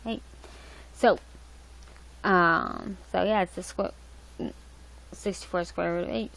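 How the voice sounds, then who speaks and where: Young woman livestream host, lowish gravelly voice, rambling casual chat. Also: takes it slowly, pauses often, a bit bright, rough recording. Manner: rambling, loose, with many fillers and restarts. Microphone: laptop mic.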